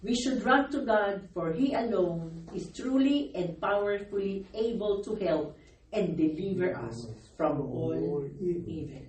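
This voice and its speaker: A woman's voice: medium pitch, animated, unhurried, a little mellow. A middle-aged woman pastor preaching a sermon, her voice worn from crying, calling out for amens and laughing between phrases. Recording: echoey room, distant mic, faint noise.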